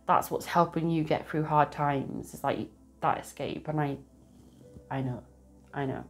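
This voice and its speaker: A woman with a lowish voice talks her way through a casual tarot reading. She is chatty and rambling, and often breaks into laughter as she goes. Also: measured pace, soft background music. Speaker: tarot reader.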